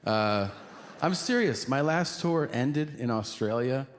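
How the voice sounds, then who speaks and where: A man's voice: medium pitch, slow pace. A man performing a stand-up routine on stage, telling stories in a profane way and acting out the people in them. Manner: animated, profane storytelling with acted-out quotes. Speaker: stand-up comedian. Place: large hall on stage. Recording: reverberant hall with audience noise.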